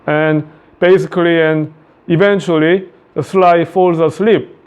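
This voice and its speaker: A high, smooth-voiced man with a Korean accent teaches a classic play and walks through it line by line. He restates each quote in simple words and often repeats himself to make a point clear. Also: fairly even intonation, measured pace, a little mellow, highs cut off. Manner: paraphrases quotes in plain words, repeats phrases. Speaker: high school English teacher.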